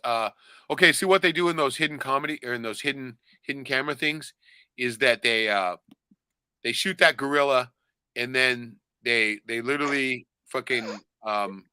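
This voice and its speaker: A man's voice: mid-range voice, normal speed, pushed and bright, smooth, dry recording. A man on a casual podcast, rambling and swearing a lot, often tagging lines with "right?". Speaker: podcast co-host. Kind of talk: casual profane chat.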